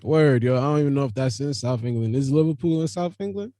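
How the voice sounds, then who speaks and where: A man's voice: medium pitch, quick pace, warm tone, no echo, studio quality. A man hosting a podcast in loose, profane, laughing banter full of slang. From Jamaican family. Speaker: podcast host. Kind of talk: casual chat.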